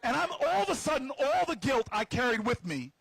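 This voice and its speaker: A man with a high, husky voice tells a story to a crowd outdoors. He is playful and teases his listeners, often stumbling over and repeating his words as he goes. His voice sounds close and dry. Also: very animated, brisk, fairly bright tone, no echo, low-quality recording. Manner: stammering restarts and repeated words. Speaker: senator. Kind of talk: storytelling speech at an outdoor rally. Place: outdoors on building steps at a rally.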